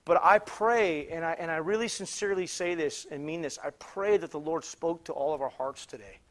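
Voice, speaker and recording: A man with a fairly high voice preaches from a church pulpit, telling a personal story. He talks in halting restarts and repeated phrases, and at times climbs into loud, emphatic cries. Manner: animated, many restarts, rising to loud exclamations. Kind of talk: sermon storytelling. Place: church sanctuary.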